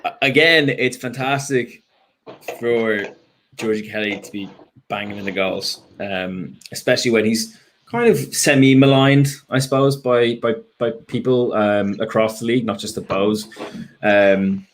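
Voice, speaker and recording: A man's voice: fairly low pitch, measured pace, a little hiss or hum. An Irish man chatting as a fan guest after a match, frank and rambling, with lots of ums and restarts. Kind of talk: casual post-match chat.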